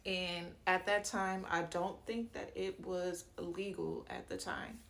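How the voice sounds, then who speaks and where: A woman's voice: fairly low pitch, flat delivery, slow pace, a bit bright. A woman telling a personal story to her viewers in a chatty, slangy way, stopping for fillers and asides and acting out what people said. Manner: chatty and slangy, acts out quoted dialogue. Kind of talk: casual storytime narration.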